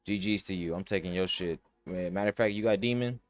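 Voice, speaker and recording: Young male podcast host, low voice, loose slangy rambling, dry close mic. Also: fast talker, no echo. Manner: rambling, thinking aloud with slang and cursing. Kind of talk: casual sports betting talk.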